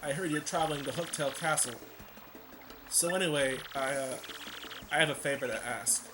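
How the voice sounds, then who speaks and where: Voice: mid-range voice, normal speed, natural voice. A man doing a timid, stammering young turtle. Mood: nervous. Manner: hesitant, stammering, quiet. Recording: game music playing behind.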